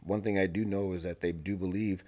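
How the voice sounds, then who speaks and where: A man guest on a podcast telling a story in a casual, animated way, full of slang, fillers and restarts. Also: deep voice, brisk. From Arizona.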